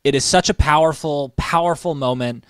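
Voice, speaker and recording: A man's voice: a little high, normal speed, a bit bright, clean tone, no echo. A man co-hosting a casual wrestling chat, telling stories with enthusiasm as he counts down a list. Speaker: wrestling podcast co-host.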